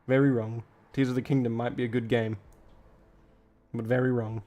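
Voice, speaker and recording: A man's voice: mid-range voice, level tone, normal speed, warm tone. A tired man streaming and reacting to a clip, rambling and blunt in casual commentary, cursing freely.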